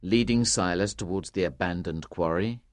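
A woman narrating a storybook in a calm, measured way. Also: a bass voice, no echo, studio quality. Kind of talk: storybook reading.

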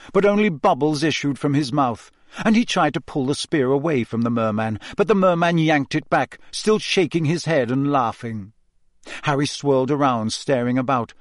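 A man giving a measured, expressive scripted narration of a fantasy novel. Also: medium pitch, no echo, clean studio sound. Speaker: audiobook narrator.

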